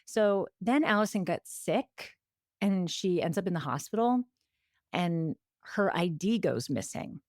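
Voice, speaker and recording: A woman's voice: lowish voice, animated, measured pace, a little mellow, dry recording. Chatty woman podcast host, dry mic. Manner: chatty, lots of "like" and quoted asides. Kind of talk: casual chat recapping a story.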